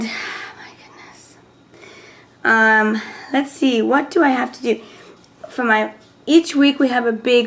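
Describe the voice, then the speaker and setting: A woman chatting casually to camera at home in a vlog, excitable and often dropping into a whisper. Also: a little high. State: voice messed up. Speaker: vlogger.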